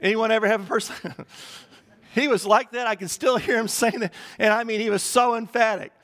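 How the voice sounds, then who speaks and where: A man's voice: sits high, steady tone, brisk, a bit bright. A man preaching a sermon as pastor, emphatic, building points through repeated lists. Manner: emphatic, repetitive listing cadence.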